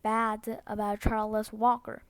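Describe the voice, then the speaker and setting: A woman with Korean as her first language voicing a drunk, leering small-town sheriff who speaks in a slow drawl, read aloud from a storybook. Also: mid-range voice, completely flat delivery, dry recording, natural voice.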